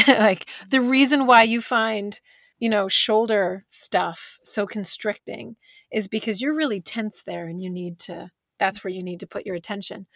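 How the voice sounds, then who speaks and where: A woman's voice: mid-range voice, fairly bright tone, no echo. Candid, thoughtful woman, dry sound. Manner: candid, thoughtful, repeats words as she thinks. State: teary. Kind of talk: reflective conversation.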